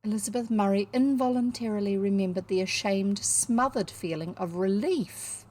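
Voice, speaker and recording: A woman's voice: medium pitch, normal speed, darkish tone. A woman with a New Zealand accent reading a classic novel aloud, now and then adding wry asides. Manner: adds wry asides to the narration. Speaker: audiobook reader.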